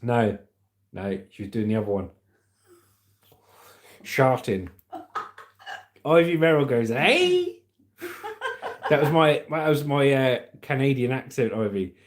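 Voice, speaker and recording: Guy reading his stream chat out loud, laughs a lot, mid pitch. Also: expressive, measured pace, pauses often. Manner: reads chat aloud, laughs often. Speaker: livestream host. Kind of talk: casual livestream chat.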